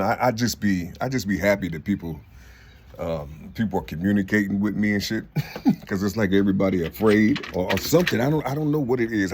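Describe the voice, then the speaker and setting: A man in his fifties rambles on to his viewers, circling back with "you see" and tripping over restarts. His voice sits very low. A faint hiss runs under the phone recording. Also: a little mellow. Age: 50s. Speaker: vlogger.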